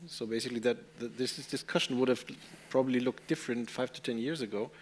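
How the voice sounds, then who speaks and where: A man's voice: mid-range voice, steady tone, fast talker, husky. Hesitant man speaking on a panel. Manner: restarts words often, hesitant. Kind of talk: panel discussion. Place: conference hall.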